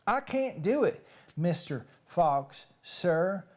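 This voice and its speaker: A woman's voice: fairly low pitch, very animated, takes it slowly, darkish tone, exaggerated voice. A woman voicing a flustered man who complains about tongue twisters, in a put-on Southern US accent and a whiny, protesting tone. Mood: complaining.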